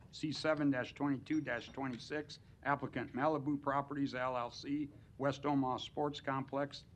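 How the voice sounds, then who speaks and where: A man chairing a public planning board meeting, briskly calling motions and reading out case numbers. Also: medium pitch, slight background noise. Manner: brisk procedural, reads case numbers aloud. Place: council chamber.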